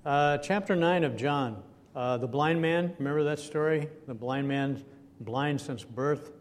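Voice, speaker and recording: Man preaching in an echoey hall. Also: measured pace. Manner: chatty, asks the audience questions, chuckles now and then. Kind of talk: conversational sermon. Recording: echoey hall with faint rumble.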